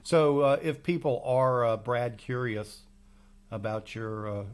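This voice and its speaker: A man hosting a podcast over a remote call, asking questions in a casual, halting way with restarts. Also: mid-range voice. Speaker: podcast host. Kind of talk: casual chat.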